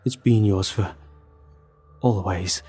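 Brief: man playing an unkempt, desperate armed man with low, dark, tense clipped lines. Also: slow, slightly rough, soft background music, full character voice. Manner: tense, clipped commands, faltering.

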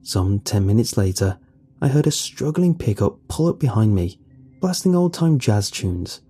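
Man narrating a horror story, husky tone. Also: on the low side, sing-song, moderate pace, warm tone. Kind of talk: first-person creepypasta narration. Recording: faint music underneath.

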